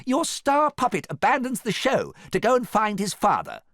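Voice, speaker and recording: A man putting on a scheming young prince with a raised, strained, bright voice. He makes grand, persuasive speeches in a storybook reading, dry and close to the mic. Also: high-pitched, huge pitch swings, normal speed, no echo, pitched above the performer's own voice, exaggerated voice. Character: scheming smooth-talking young male prince.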